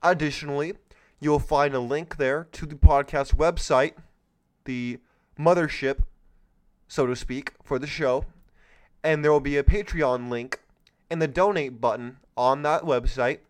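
A man's voice: a little high, steady tone, a little slow, clean tone. A man hosting his own commentary podcast, talking in a sarcastic, mocking way with lots of exclamations. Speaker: podcast host. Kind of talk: solo political commentary podcast.

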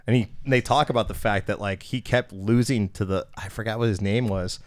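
A young male podcast host from Wisconsin with a slightly low voice tells long, rambling party stories. He acts out what other people said with plenty of swearing, in a loose, casual chat. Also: brisk. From Milwaukee, Wisconsin. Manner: rambling, animated anecdotes with voiced quotes and profanity.

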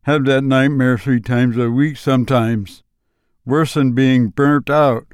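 A man putting on a slow-drawling backwoods boy. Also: medium pitch, clear, resonant tone, no room sound, studio quality, close to an everyday voice. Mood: matter-of-fact. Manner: slow drawling rural speech, flat and unbothered. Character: lonely backwoods boy, plain and matter-of-fact.

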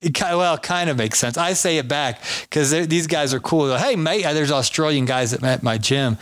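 A man's voice: a little high, brisk, fairly bright tone, no room sound. A man hosting a podcast interview over a remote call, chatty and jokey, rambling with restarts. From United States. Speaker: podcast host. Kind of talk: casual interview chat. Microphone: remote call over a social app.

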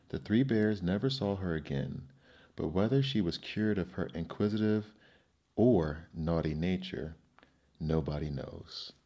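A man narrating a children's fairy tale in an expressive, measured storytelling manner. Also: sits low, highs cut off.

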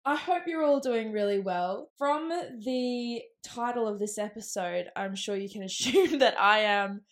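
A woman's voice: fairly high pitch, measured pace. A young Australian woman with a temporary lisp, rambling casually on her solo podcast and laughing often. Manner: chatty, laughs often, self-deprecating. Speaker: podcast host.

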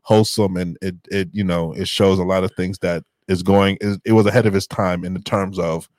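A middle-aged man tells a story in loose, casual podcast chat, circling back and restarting as he goes. His voice sits low. The sound is dry and close. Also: fairly even intonation, brisk, darkish tone, no room sound. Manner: rambling, restarts and retells scenes with voices. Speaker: podcast co-host.

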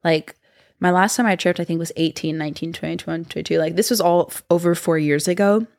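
A woman's voice: fairly low pitch, steady tone, fast, creaky, a little mellow, no room sound, clean studio sound. A woman in her twenties, hosting a podcast and telling stories in a chatty way with lots of fillers. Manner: chatty, heavy use of "like". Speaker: podcast host. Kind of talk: casual storytelling.

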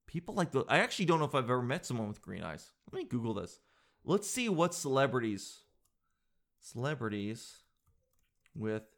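Casual male vlogger, animated and wisecracking. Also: mid-range voice. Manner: excitable, jokey, says "dude" a lot. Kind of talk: casual chat reading an article aloud.

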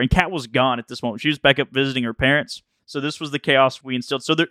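Man, smooth voice, telling rambling stories. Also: a little high, bright, forceful tone, no echo, studio quality. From Alabama, US. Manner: rambling storyteller, laughs often. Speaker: podcast co-host. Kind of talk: casual chat.

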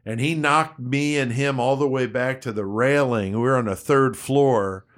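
A man's voice: mid-range voice, normal speed. Profane storyteller, a man acting out every line he quotes. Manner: profane, animated, acts out quotes. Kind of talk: casual storytelling.

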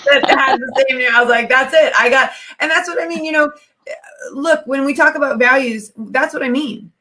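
A woman's voice: sits high, a little fast, bright, forceful tone. A woman hosting a podcast interview, talking with enthusiasm and rambling through many restarts. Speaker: podcast host. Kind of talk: casual interview chat.

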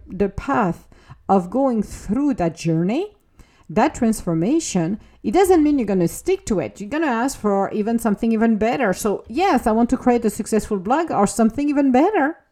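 A woman's voice: medium pitch, mellow. A woman hosting a motivational podcast, talking earnestly and acting out her own inner dialogues. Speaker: podcast host.

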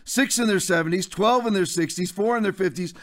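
A man's voice: high voice, a little fast. A man who is a pastor and hosts a podcast, delivering fired-up, ranting commentary in a preacher-like way.

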